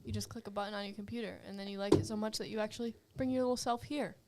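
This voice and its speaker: A woman's voice: mid-range voice, fairly even intonation, very fast. Goofy woman co-host, noisy background. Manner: goofy, playful. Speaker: youth ministry podcast co-host. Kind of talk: casual chat.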